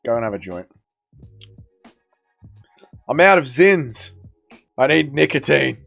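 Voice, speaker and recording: A man's voice: medium pitch, very animated, takes it slowly, vocal fry, a bit bright, faint music behind. A man hosting a casual livestream watch party, tired and hungover, rambling and swearing in slangy banter with his chat. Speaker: livestream host.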